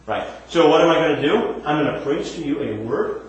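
A man's voice: a little high, fairly quick. A man, a pastor, teaching in a conversational sermon, asking questions and answering them himself. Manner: animated, shifting from emphatic to quiet. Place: church. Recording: echoey church room.

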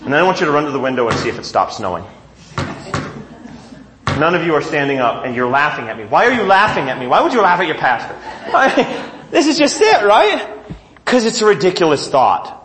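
Male pastor, sermon delivery, high and expressive voice. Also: quick pace, slight background noise. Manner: animated preaching, reading scripture aloud and asking the congregation questions.

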